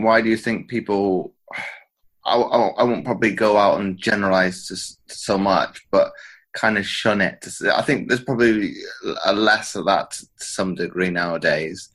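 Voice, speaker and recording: A man hosting a podcast interview, talking in a halting way with many restarts and repeated words. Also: fairly low pitch, fairly bright tone. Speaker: podcast host. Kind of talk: conversational interview.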